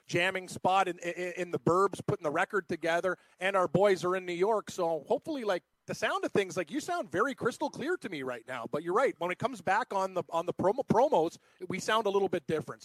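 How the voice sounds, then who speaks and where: A man's voice: high-pitched, a bit bright, no room sound. A man co-hosting a casual sports podcast, joking, laughing often and rambling a bit. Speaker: co-host.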